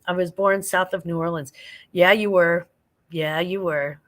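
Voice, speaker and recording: An older woman from St. Louis, Missouri, hosts a late-night livestream, chatting casually, rambling and laughing while she reads viewer comments aloud. Her voice is lowish, her tone steady and her delivery unhurried.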